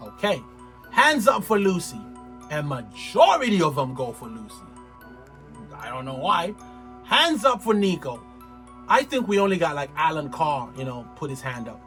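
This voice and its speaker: A man's voice: a little high, big pitch swings, normal speed, a bit bright, faint music behind. A man hosting a casual reality TV recap, slangy and playful, with dramatic exclamations. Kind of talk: casual show recap commentary.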